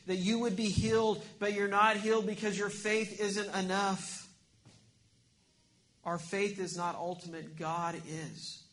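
A man preaching a sermon, earnest, swinging between emphatic points and hushed lines. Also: sits high, a little hiss or hum. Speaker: pastor.

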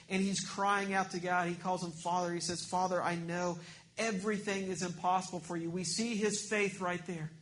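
A male pastor delivers a sermon with a notably high voice. He preaches earnestly, pressing some points hard and letting others fall to a hushed tone. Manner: earnest preaching, swings between emphatic and hushed.

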